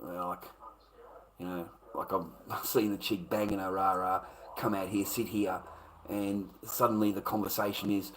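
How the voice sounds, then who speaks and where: Australian male streamer, low-pitched, rambling defensive rant full of swearing. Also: flat delivery, moderate pace, a little hiss or hum, poor audio. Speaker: livestreamer. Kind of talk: casual ranting to a live chat.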